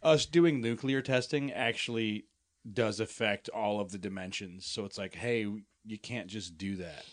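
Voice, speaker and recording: A man's voice: on the low side, measured pace. Rambling man, casual podcast chat. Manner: rambling, many restarts, laughs while talking. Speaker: podcast co-host.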